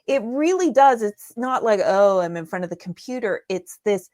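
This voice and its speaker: A woman's voice: mid-range voice, lively intonation, moderate pace, a little mellow, dry recording, studio quality. A woman guest in an interview, explaining her methods in an enthusiastic, step-by-step way. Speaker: guest, digital marketing strategist. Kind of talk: conversational interview answers.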